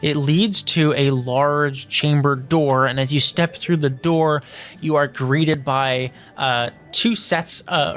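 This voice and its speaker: A man's voice: mid-range voice, a bit bright. A man narrating scenes as game master of a tabletop role-playing game, describing at length with many fillers.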